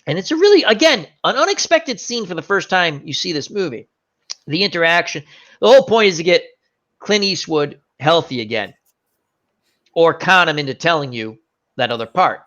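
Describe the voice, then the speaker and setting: Bright-voiced man retelling a story. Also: fairly high pitch, moderate pace. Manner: animated retelling with fillers and self-corrections. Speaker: host. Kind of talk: casual chat. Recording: dull lo-fi recording.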